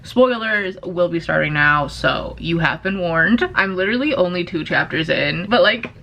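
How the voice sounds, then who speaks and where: A woman in her twenties, a book vlogger, chatting casually into her camera in an excitable, gushing way, swearing now and then. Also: lowish voice, moderate pace, gravelly. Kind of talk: casual vlog chat.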